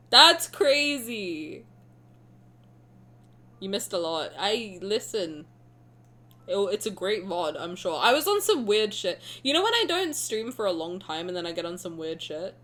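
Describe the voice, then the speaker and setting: A woman streamer chatting casually with her viewers, animated, joking and making fun of herself. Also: medium pitch, normal speed. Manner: animated, joking and self-mocking.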